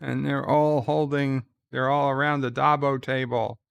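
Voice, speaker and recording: A man's voice: medium pitch, little pitch movement, measured pace, gravelly, clean tone. A man casually recapping a TV episode in a conversational way and retelling its scenes. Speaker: show commentator.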